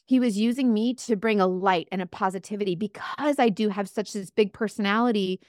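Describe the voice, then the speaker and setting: A young woman speaks earnestly in a podcast interview, her voice sitting at an ordinary middle pitch. She tells her story with animated energy, full of fillers and restarts, recorded close and dry with no room sound. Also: brisk, no room sound. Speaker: guest, top makeup seller.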